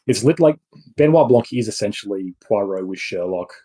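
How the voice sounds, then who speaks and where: Casting: low, mellow, husky-voiced man, rambling podcast co-host. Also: lively intonation, normal speed, low-quality recording. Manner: rambling, many restarts and asides. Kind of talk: casual film review chat.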